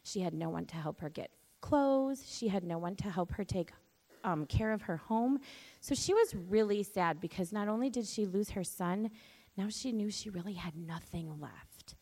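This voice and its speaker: A woman in a church telling a Bible story to children, gently and expressively, asking them to say words back. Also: medium pitch, animated, normal speed.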